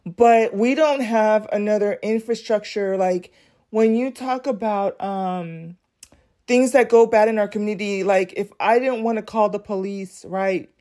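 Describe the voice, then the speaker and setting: A woman's voice: medium pitch, measured pace, mellow. A woman hosting a podcast, talking casually and reacting to news clips, often addressing her listeners directly. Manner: chatty, addresses listeners as y'all. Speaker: podcast host.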